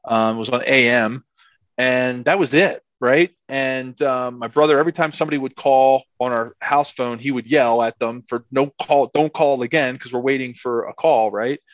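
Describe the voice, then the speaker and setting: A middle-aged man spins a loose, rambling anecdote, tossing in "like" and "you know" as he goes. His voice sits at an ordinary middle pitch. The sound is dry and a touch dull, with no room to it. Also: fairly even intonation, moderate pace, no echo. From Philadelphia area. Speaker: guest, former football player. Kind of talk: casual anecdote telling.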